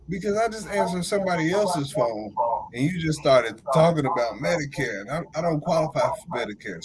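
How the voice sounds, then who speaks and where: Male podcast host, 40s, lively storyteller who acts out phone calls, slightly higher voice. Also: moderate pace, over a noisy crowd, poor audio. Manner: animated storytelling, laughs often, acts out callers. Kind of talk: casual chat.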